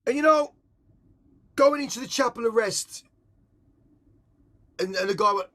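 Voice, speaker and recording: A middle-aged man, talking candidly and excitably in a casual interview, swearing freely. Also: extremely high pitch, a little slow. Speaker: interviewee, musician. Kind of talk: casual conversation.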